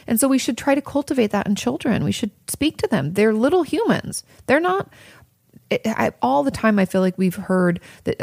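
A woman's voice: medium pitch, lively intonation, a little fast, creaky, a little mellow, no room sound, clean studio sound. A woman therapist hosting an advice podcast, talking candidly and casually, swearing freely and drifting into tangents.

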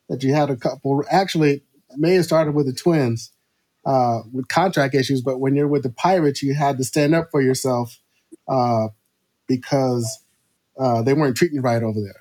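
Male co-host, casual and upbeat, quick reactions and easy laughter. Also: mid-range voice, fairly even intonation, a little mellow. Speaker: podcast co-host. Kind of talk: casual interview chat.

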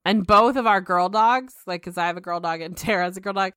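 A woman's voice: mid-range voice, fast talker, a bit bright, clean tone, no echo, clean studio sound. A young adult woman co-hosting a podcast in casual chat, rambling with lots of "like" and laughing. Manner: chatty, laughing, rambling with many "like"s. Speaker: podcast co-host.

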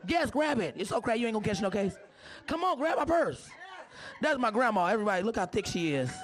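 A woman comedian doing a live stand-up set with a hoarse voice. She is brash and profane and teases the audience. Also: mid-range voice, animated, very fast, some chatter behind.

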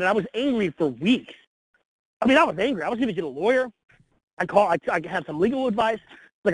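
A man in his forties with a high voice talks bluntly and with energy, swearing casually as he tells his story. The sound is close and dry, with no room around it. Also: expressive, fast talker, long pauses, no room sound, rough recording. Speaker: guest. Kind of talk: candid interview storytelling.

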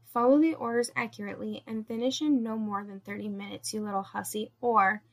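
A woman's voice: medium pitch, fairly even intonation, fairly quick, natural voice. A woman voicing a cruel, domineering woman who barks contemptuous commands, in a storybook reading. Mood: stern, cruel.

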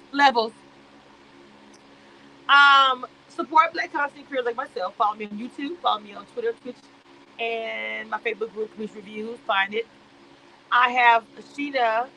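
Woman, sassy live-stream commentary, dramatic delivery, bright tone. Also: fairly high pitch, a little hiss or hum, low-quality recording. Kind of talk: casual reality-show commentary.

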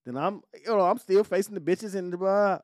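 Animated man telling a story. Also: sits high, brisk, no room sound, clean studio sound. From Detroit. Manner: animated, profane storytelling full of slang. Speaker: podcast host. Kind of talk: casual storytelling chat.

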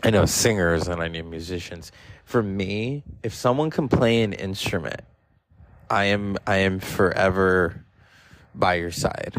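A man in his forties with a deep voice hosts a podcast at a measured pace, telling casual personal stories in a rambling, profane way full of fillers. The recording is rough.

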